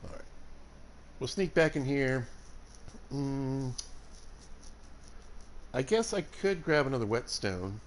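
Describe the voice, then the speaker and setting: A man with a Southern US accent, talking through a survival game for his viewers with jokey, chatty asides. His pitch swings up and down as he reacts. A faint hiss of noise sits under the voice. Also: sing-song, takes it slowly, long pauses. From Alabama. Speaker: game streamer. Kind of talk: casual gameplay commentary.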